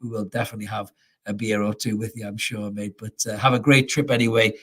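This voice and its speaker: A man's voice: fairly low pitch, level tone, quick pace, breathy edge. A man hosting a casual football fan show, chatty, laughing often and calling people mate. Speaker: fan podcast host.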